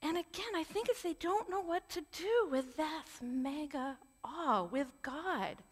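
A woman preaching with earnest, conversational warmth, dropping candid personal asides between points. Her voice sits a little high, and a long reverb trails each phrase as if she is in a large church hall. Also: lively intonation, a little slow. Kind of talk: sermon.

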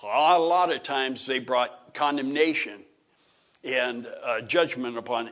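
Rambling, throat-clearing male Bible teacher. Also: mid-range voice, slow pace, fairly bright tone. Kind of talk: informal classroom lecture.

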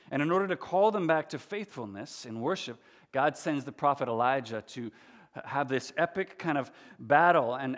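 A man preaches a sermon, talking with his listeners in a relaxed, conversational way and dropping in small asides. His voice sits at an ordinary middle pitch. The sound carries a long, hall-like reverb. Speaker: pastor. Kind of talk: sermon with scripture reading.

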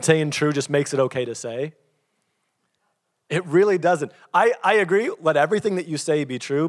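A middle-aged male pastor delivers a sermon, moving between plain teaching and lively stories where he acts out each person's lines. His voice sits a little high for a man. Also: in a large hall. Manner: storytelling, animated, acts out quotes.

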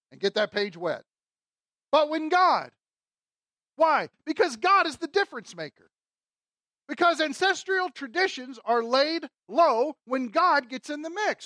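A woman's voice: fairly high pitch, a bit bright, no echo. A woman teaching a sermon through a Bible passage, emphatic and conversational, often asking her listeners rhetorical questions. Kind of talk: expository sermon.

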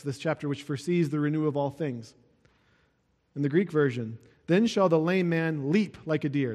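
A man's voice: on the high side, a little mellow, in a large hall. A man who is a pastor, preaching a sermon and explaining verses with casual, conversational asides.

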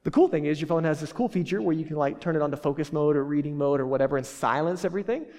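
A man's voice: on the high side, rapid-fire, darkish tone. A man preaching a sermon as pastor, casual and joking, full of fillers and restarts. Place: church hall. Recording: reverberant church hall.

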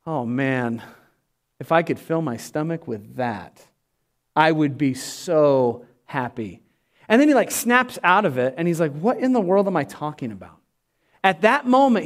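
A male pastor preaching a sermon with emphatic delivery that drops to soft, prayerful tones. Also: high voice.

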